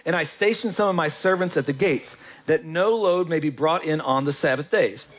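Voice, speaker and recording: A man preaching a sermon, animated, acting out quotes and asides as he goes. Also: fairly high pitch, normal speed. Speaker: pastor.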